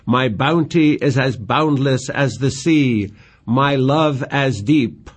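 A man reading Juliet, an earnest young woman in love, in slow tender verse recitation. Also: mid-range voice, breathy edge.

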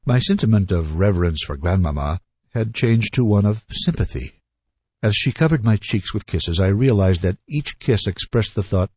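A man reading a classic novel aloud as narrator, telling it in a lively, expressive way and slowing down for the reflective parts. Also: on the low side, husky, dry recording. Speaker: audiobook reader.

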